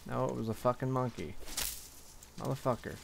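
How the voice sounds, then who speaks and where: A man's voice: mid-range voice, fairly even intonation, a little fast, creaky, background noise. A young man giving casual gameplay commentary, grumbling and swearing to himself as he plays. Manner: grumbling, profane, talking to himself. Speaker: gaming channel host.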